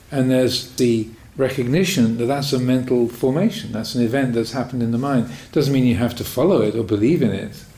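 A man who teaches Buddhist meditation, answering a question in a Dhamma talk with calm, reflective storytelling and light self-mocking humor. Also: medium pitch, poor audio.

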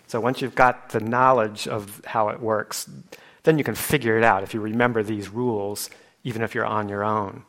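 A man's voice: lowish voice, level tone, moderate pace, a bit bright. Patient man teaching chant pronunciation. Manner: patient, loose, with fillers and chuckles, demonstrating sounds. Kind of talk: informal class explanation.

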